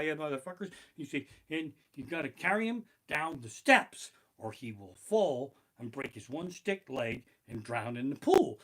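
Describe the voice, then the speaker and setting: A male stand-up comic rants from his living room, his voice bright and sharp as it jumps around a lively, wide range. He swears freely and bursts into loud exasperated outbursts. The home streaming setup is bare-bones. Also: on the high side, rough recording. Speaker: stand-up comedian. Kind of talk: stand-up comedy rant. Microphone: basic home streaming setup.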